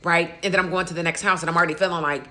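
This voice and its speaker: Low-voiced woman, bright and forceful. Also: level tone, very fast, a little hiss or hum. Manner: candid, storytelling with quoted asides. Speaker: insurance agent and channel host. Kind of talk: casual interview chat.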